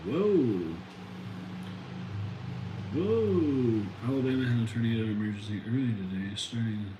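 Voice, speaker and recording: Slow-talking rambling man streaming from home. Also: mid-range voice, expressive. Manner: rambling, easygoing, reacts to chat. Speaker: streamer chatting with viewers. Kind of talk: casual live-stream chat. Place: home room with equipment. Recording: roomy, distant mic, faint ambient noise.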